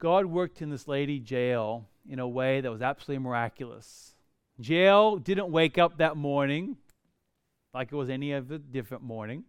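A middle-aged man preaching a sermon, telling stories in an animated way with humorous asides. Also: medium pitch, moderate pace, clear, resonant tone, no room sound, studio quality. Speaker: pastor.

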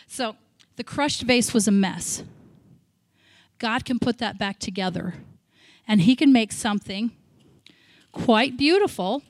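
A middle-aged American woman gives a sermon at a church service, slightly high-pitched, with candid, self-deprecating humor. She acts out her old prayers and worries in quoted asides, and her voice is recorded close and dry. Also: dry recording. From United States. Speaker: missionary speaker.

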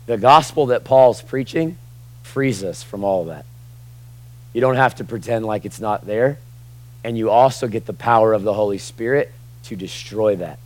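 A young adult man preaching a sermon in a conversational way, dropping to quiet asides and rising to loud, emphatic bursts. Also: mid-range voice, normal speed, no echo, low-quality recording. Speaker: pastor.

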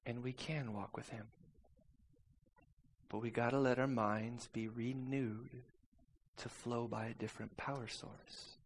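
A man preaching a sermon and telling a personal story, swinging between soft, intimate passages and loud, urgent ones. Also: mid-range voice, steady tone, unhurried, long pauses, a little hiss or hum.

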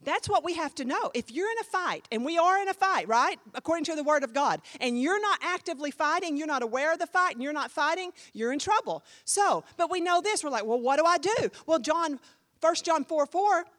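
Lively high-voiced woman pastor preaching. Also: a little fast. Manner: emphatic, conversational preaching with sudden jumps in volume. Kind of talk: sermon teaching.

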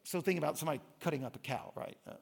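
A man giving a sermon lecture, telling stories and reading quotes with lively emphasis. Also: fairly high pitch, very fast, vocal fry. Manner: animated storytelling, reads quotes with emphasis. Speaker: pastor.

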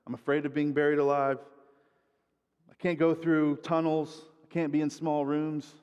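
A man voicing an anxious woman client who talks haltingly about her fears. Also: fairly high pitch, level tone, clear, resonant tone, in a large hall, muffled recording, natural voice.

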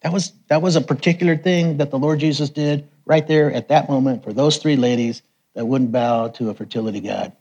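A middle-aged man preaching, telling personal testimony stories with lively quoted voices. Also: a little fast, lo-fi sound. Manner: animated storyteller, raises pitch for quoted voices. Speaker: missionary preacher. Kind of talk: sermon testimony storytelling.

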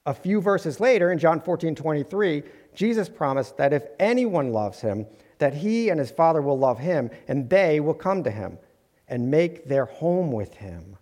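Speaking at normal speed in a sing-song, somewhat high voice with a darkish tone, this male preacher delivers a heartfelt sermon with touches of gentle humor. He is in a church sanctuary, and long hall reverb fills the recording.

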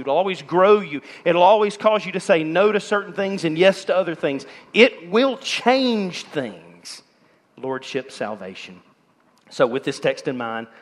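A male pastor preaching a sermon to his congregation, animated and direct as he puts questions to the people in the room. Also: a little high. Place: church sanctuary. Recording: long reverb of a large hall.

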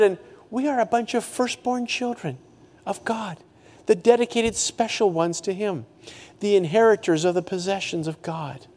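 A man preaching a sermon as a pastor, swinging from high emphatic peaks to hushed low lines. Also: normal speed, big-room sound.

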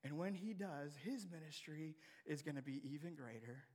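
A young adult man preaching a sermon, reading scripture and teaching from it, swinging from hushed lines to loud emphatic climbs. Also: fairly high pitch, animated, moderate pace. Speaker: pastor.

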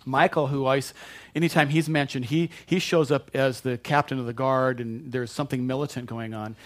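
A man's voice: medium pitch, steady tone, a little fast. A man preaching a sermon in a conversational, joking way, often repeating and restarting his words. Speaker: pastor.

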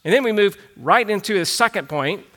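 Man, pastor, sermon, high voice, bright tone, emphatic, repetitive for emphasis. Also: lively intonation, brisk. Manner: emphatic, declaring with conviction, repeats phrases.

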